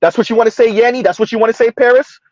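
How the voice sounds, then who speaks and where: A high-pitched man hosts a commentary, firing off mocking rhetorical questions and stretching words for emphasis. The sound is dry and a little muffled. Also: racing, a little mellow, no room sound. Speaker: commentary video host. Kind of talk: reaction commentary.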